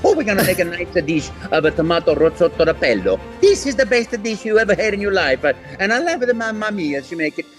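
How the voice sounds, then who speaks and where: Bubbly young italian plumber, put-on italian-american accent, squeaky high, sing-song. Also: male voice, big pitch swings, fast, hardly any pauses, faint music behind. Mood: gushing. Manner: bouncy, sing-song, exaggerated.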